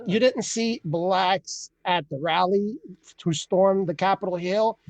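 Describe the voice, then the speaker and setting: A man hosting a comedy open mic over a video call, telling an animated, exasperated bit and laughing at his own jokes. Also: high voice, slow pace, dry recording. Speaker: comedy show host.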